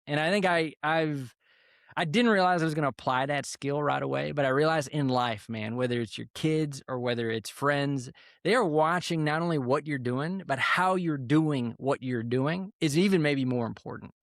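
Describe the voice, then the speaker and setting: A man, an army veteran guest on a podcast, calmly telling a story in a relaxed, unhurried way. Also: on the high side, dry recording, studio quality. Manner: calm, unhurried storyteller with fillers. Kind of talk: casual storytelling interview.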